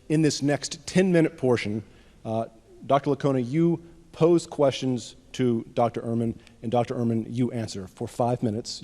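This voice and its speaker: A man's voice: mid-range voice, mellow. A man moderating a debate, explaining the format in an informal, easygoing way. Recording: reverberant hall.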